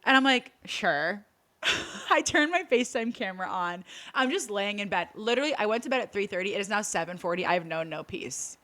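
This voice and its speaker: A woman's voice: mid-range voice, animated, brisk, pushed and bright. A young woman co-hosting a podcast, animatedly retelling a story in casual chat and acting out the quotes of the people in it. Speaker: podcast co-host.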